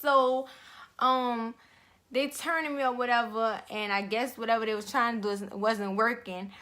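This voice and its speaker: A young woman recounts her own story in a loose, slangy vlog style, full of fillers and asides. Her voice sits a bit high and sounds bright and forceful. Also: steady tone, moderate pace. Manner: slangy, conversational, lots of fillers.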